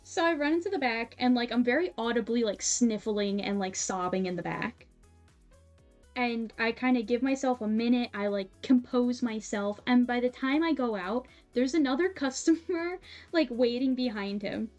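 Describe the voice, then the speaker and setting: A woman's voice: on the high side, moderate pace. Chatty young woman telling a work story. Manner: animated, laughing often, many "like" fillers. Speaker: streamer. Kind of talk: casual storytelling while sewing. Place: home streaming setup. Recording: soft music behind.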